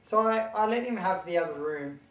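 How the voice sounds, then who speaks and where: A woman's voice: fairly low pitch, expressive, brisk. A woman speaking earnestly and a bit hesitantly in a mockumentary interview. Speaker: housemate. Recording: roomy, distant mic.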